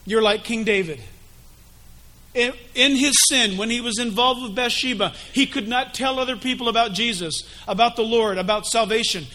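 Animated man preaching, high bright voice, emphatic. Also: normal speed. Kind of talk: sermon.

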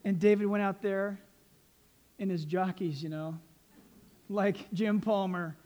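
A man preaching a sermon as pastor, animated and joking, laughing at his own quips. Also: high-pitched, measured pace, pauses often, dull audio.

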